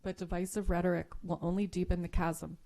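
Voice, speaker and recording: Woman, mellow lowish voice, measured prepared speech at a public meeting. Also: level tone, creaky. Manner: measured, earnest delivery. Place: public board meeting room.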